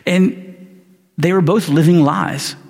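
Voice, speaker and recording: Gravelly man preaching in a reverberant hall. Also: high-pitched, fairly even intonation, slow, darkish tone. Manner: casual, conversational storytelling with slangy asides. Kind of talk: sermon. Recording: long reverb of a large hall.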